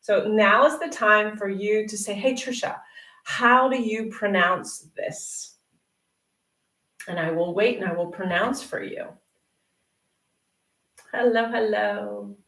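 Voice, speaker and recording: A woman teaches English in an unhurried, encouraging way, stretching words out so viewers can repeat after her. Her voice sits a little back from the mic, and the room rings around it. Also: medium pitch, fairly bright tone, far from the mic. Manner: encouraging, chatty, repeats words slowly for learners. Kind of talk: live Q&A lesson. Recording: roomy and off-mic.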